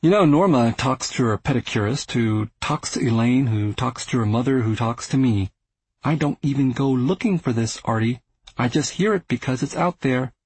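A man's voice: mid-range voice, normal speed, darkish tone, slightly rough, lightly acted. A man doing a nosy, patronizing rich brother. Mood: prying. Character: wealthy, prying middle-aged man, patronizing older brother.

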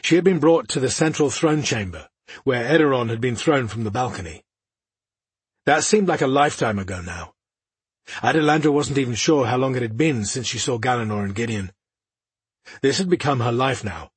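Husky male audiobook narrator. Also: medium pitch, expressive, moderate pace, dry recording. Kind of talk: scripted fantasy narration.

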